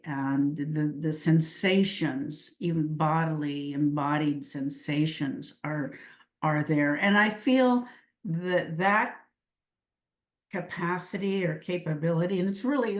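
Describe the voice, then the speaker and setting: A middle-aged woman talks slowly and earnestly as an interview guest, her slightly low voice pausing and restarting as she searches for words. The recording has a roomy echo. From Washington state. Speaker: guest, leadership coach. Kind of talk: reflective interview talk.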